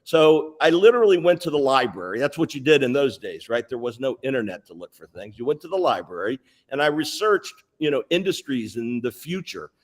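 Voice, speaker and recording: Man in his 60s, guest on a sales interview, lively anecdotal storyteller. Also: medium pitch, brisk, hardly any pauses. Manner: animated, anecdotal, lists details.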